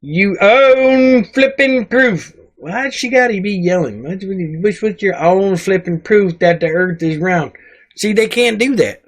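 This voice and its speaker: A man's voice: high-pitched, animated, measured pace. A man voicing a cranky, crude male dwarf sidekick who rambles, mocks and talks in rustic grammar. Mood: grumpy. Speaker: sidekick reading comments. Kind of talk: comedic comment reading.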